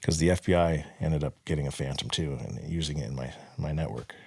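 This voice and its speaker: Deep-voiced young man, guest telling a rough-edged story in casual talk, acts out the quotes, dry close sound. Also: a little fast, darkish tone, no room sound. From Southern California. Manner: blunt, profane, acts out quoted dialogue. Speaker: podcast guest.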